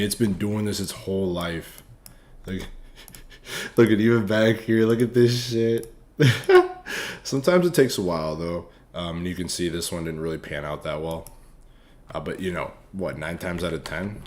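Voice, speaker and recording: A man casually reviewing stock charts for viewers, loose, profane and hyped up. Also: deep voice. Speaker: stock trading streamer.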